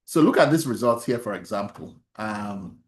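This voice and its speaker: A man's voice: fairly low pitch, expressive, moderate pace, echoey room. Man teaching a statistics workshop. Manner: asks the class questions, laughs softly, many restarts. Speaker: instructor. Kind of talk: online statistics workshop lecture.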